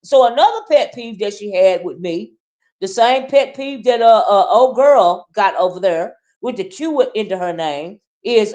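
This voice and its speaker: A woman's voice: medium pitch, expressive, unhurried, darkish tone. A woman with a Southern US accent giving sassy, confrontational commentary straight to camera, punctuating her points with "okay?" and "right?". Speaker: YouTube commentary host. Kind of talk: casual ranting commentary.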